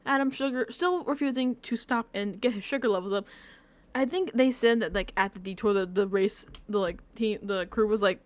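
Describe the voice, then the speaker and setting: In a home room, a young woman leans close to her desk mic to chat about a reality show. Her mid-range voice keeps a moderate pace, and her recap comes in animated, meandering bursts with frequent restarts and casual cursing.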